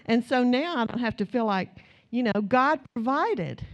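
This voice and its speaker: A woman's voice: a little high, lively intonation, normal speed, dull audio. A middle-aged American woman preaching a sermon, telling stories in a conversational way and building to emphatic, repeated declarations. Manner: storytelling, conversational, rising to emphatic repetition.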